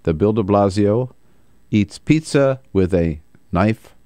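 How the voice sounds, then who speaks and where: A lively American man hosting a talk show, voice rising and falling freely as he riffs. His tone sits on the low side and sounds close and dry, with no room around it. He jokes and laughs easily. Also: takes it slowly, no echo. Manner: wry, animated, laughs easily. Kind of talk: casual political talk.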